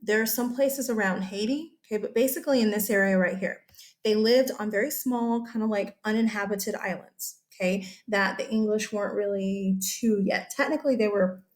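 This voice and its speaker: A woman teacher giving a casual, chatty history lecture over slides. She often checks in with her listeners. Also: mid-range voice.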